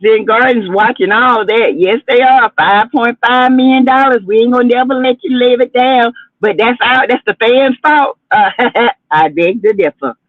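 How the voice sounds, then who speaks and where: A woman's voice: fairly high pitch, normal speed, no room sound. A woman hosts a chatty gossip livestream, talking in a sassy way with dramatic asides. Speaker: livestream host. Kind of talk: casual gossip commentary livestream. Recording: tinny phone-like audio.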